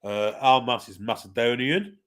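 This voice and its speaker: Male host, casual live match calling, wry and chatty, mid-pitched voice. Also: normal speed. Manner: laid-back, chatty, wry. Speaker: watchalong host. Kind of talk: casual live match commentary, reading chat.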